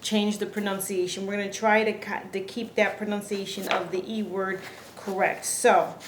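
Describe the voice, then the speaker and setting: A woman teaching Spanish pronunciation, speaking slowly and deliberately and repeating each word with care. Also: mid-range voice, flat delivery, background noise. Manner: slow, deliberate, repeats words carefully. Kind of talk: slow instructional lesson. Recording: echoey room, faint ambience.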